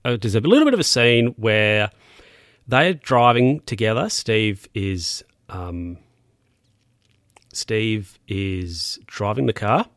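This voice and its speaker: A man's voice: lowish voice, lively intonation, slow, a bit bright, no echo, studio quality. A man casually recapping a film scene by scene, rambling and correcting himself with plenty of fillers.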